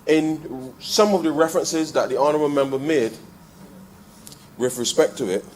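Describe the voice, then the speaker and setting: A man with a Barbadian accent giving a parliamentary debate speech in the chamber, calling the chair "sir" almost every phrase and repeating lines as he builds to forceful points. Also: a little high, moderate pace, a little hiss or hum. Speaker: member of parliament.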